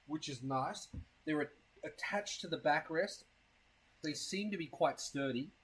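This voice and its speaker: A man's voice: a little high, unhurried, fairly bright tone, slightly rough, poor audio. A man chatting casually on a live stream, rambling and crude, with a self-mocking tone and a case of hiccups. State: has hiccups.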